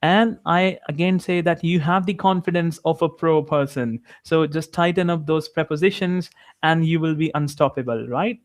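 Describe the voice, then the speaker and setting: A young man with an Indian English accent tutors English one-on-one over a video call, upbeat and encouraging. His voice is a little high, with fairly even intonation at a normal speed, and he fills his speech with lots of "like."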